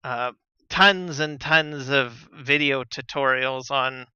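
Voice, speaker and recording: A man chatting casually on a live gaming stream, relaxed and rambling with lots of fillers and soft chuckles, on a slightly dull lo-fi mic. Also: medium pitch, clean tone, no echo. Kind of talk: casual live-stream chat while playing.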